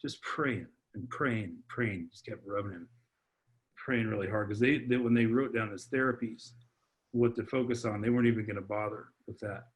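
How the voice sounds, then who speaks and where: Halting man telling a personal story. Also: fairly low pitch, fairly even intonation. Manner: halting, with frequent restarts and repeated words. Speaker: podcast guest, father. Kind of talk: heartfelt personal testimony in conversation.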